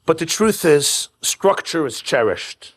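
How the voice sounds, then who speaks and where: A man's voice: a little high, big pitch swings, takes it slowly. A man, a rabbi, giving a keynote sermon at a home event, mixing jokes with storytelling in short, punchy repeated phrases. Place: private home event with live audience.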